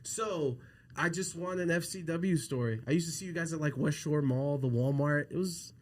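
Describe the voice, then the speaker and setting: A man's voice: a little high, normal speed. A man interviewing a guest, playful and joking, upbeat as he wraps up. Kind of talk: casual interview. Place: event venue in Las Vegas.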